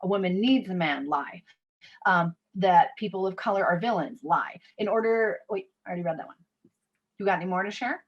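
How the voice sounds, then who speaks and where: A woman's voice: fairly low pitch, brisk, lo-fi sound. A woman in her thirties hosts a live online session over a video call. Her talk is conversational and direct, and she often reads the audience's chat messages aloud. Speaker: workshop facilitator.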